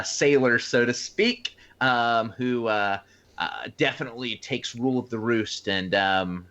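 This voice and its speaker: A man's voice: on the low side, a bit bright. A man co-hosting a podcast, explaining in an easygoing way with frequent ums. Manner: easygoing, many ums, quick to laugh. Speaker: podcast co-host. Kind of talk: casual chat.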